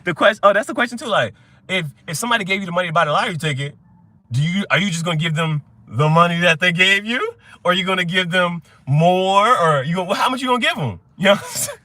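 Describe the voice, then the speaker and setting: A man's voice: high voice, lively intonation, fast talker, bright, forceful tone. A young adult man hosting a tarot reading chat, talking in a rambling, profane way and telling stories with quoted voices. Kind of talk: casual livestream chat.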